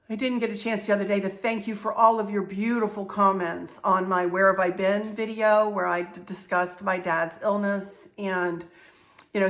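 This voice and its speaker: A woman's voice: mid-range voice, a bit bright. A middle-aged woman hosting her own vlog, talking casually in a chatty, rambling way with many restarts. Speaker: channel host.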